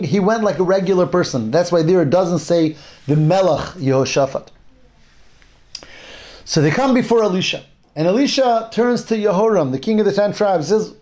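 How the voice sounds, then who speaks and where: A man with a voice that sits high and a little mellow leads a casual Torah class. He retells a Bible story conversationally, with fillers and restarts, and acts out the quoted speech.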